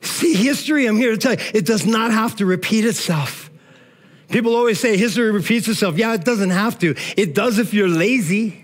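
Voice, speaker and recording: A middle-aged man preaching a lively, informal sermon as pastor, often saying "man" between phrases. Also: sits high, fairly quick.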